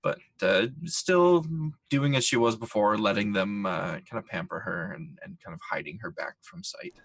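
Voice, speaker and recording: Gravelly low-voiced man playing a tabletop game. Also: animated, moderate pace, a bit bright, no room sound. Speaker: player. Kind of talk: describing his character in a tabletop game.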